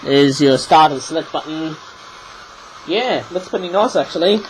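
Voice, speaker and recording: A fairly high-voiced man reviews toys in a loose, rambling way, stopping now and then to clear a frog from his throat. A faint background hiss sits under his chatty delivery. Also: lively intonation, normal speed, low-quality recording. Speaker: toy reviewer. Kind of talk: casual video review.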